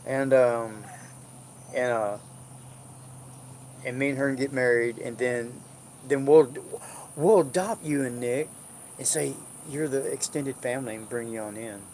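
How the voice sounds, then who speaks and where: A man's voice: medium pitch, measured pace, long pauses, darkish tone, slight background noise. Rambling jovial man. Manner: jovial, rambling, drawling storyteller. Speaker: vlogger. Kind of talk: casual rambling chat. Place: indoors at home.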